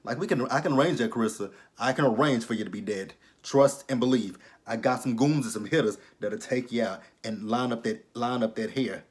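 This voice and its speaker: A man giving a blunt, profane, sassy casual recap of a TV episode, swinging between loud outbursts and low asides. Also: brisk, few pauses. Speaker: TV episode reviewer.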